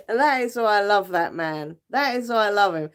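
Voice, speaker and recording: Chatty, giggly British woman live-streaming. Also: mid-range voice. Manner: chatty and giggly, with frequent fillers. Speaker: livestream host. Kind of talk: casual live chat with viewers.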